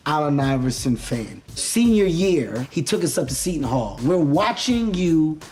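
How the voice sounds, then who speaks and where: A man hosting a show, opening it and chatting with a guest in an excited, joking manner. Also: on the high side, unhurried. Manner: hyped, joking, laughing through lines. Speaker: host. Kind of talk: excited show intro and chat.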